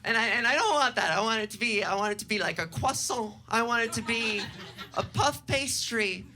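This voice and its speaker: A young trans woman doing improvised stand-up comedy, brash, profane and self-mocking, jumping into loud silly voices. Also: fairly high pitch, a little fast, slight background noise. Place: stage before a live audience.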